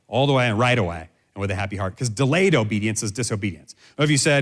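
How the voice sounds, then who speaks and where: A man's voice: fairly low pitch, quick pace, few pauses. A man teaching in a sermon style, direct and instructive, who stresses points by repeating key phrases.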